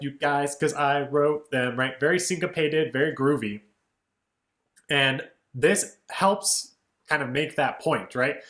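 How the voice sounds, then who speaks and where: A man's voice: medium pitch, roomy sound. Male music teacher, casual and explanatory, mid-range voice, speaks lyrics in rhythm. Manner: relaxed, explanatory, says "right?" and "kind of" often, speaks lyrics in rhythm. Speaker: music educator.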